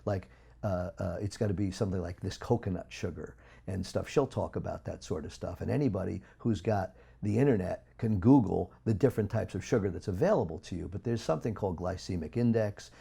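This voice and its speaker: A low, gravelly man holds forth as an interview guest. His dark, mellow voice swings from loud, punchy bursts to quiet asides. He talks in an emphatic, preaching way. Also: brisk. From United States. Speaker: guest speaker. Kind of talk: interview talk.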